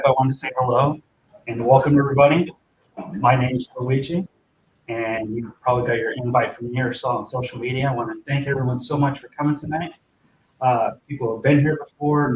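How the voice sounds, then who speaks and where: A man welcomes a roomful of people at a user group meetup, joking at his own expense in a friendly way. His voice sits at an ordinary pitch and comes from a distance, with the echo of the room around it and a faint hum behind. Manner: friendly, self-deprecating, joking. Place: meeting room with an audience. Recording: echoey room from far off.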